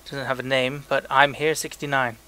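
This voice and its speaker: A man's voice: medium pitch, little pitch movement, normal speed, pushed and bright. A young man co-hosting a casual podcast, reading listener emails aloud in a joking, loose way with frequent stumbles. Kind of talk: casual chat.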